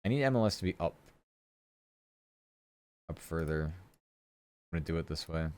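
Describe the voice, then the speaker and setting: A man's voice: sits low, animated, moderate pace, a little mellow, clean tone. A young man chatting casually on a live stream while he works, often muttering to himself.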